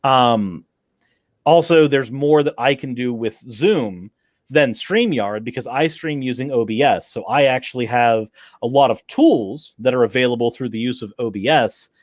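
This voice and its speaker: A man who makes YouTube videos, talking casually on a call-in stream. He speaks quickly and restarts his sentences often, with a mid-range pitch. The sound is dry and close to the mic. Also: no room sound. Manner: quick, animated, many restarts. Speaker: YouTuber and show co-host. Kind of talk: casual chat. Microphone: home streaming setup.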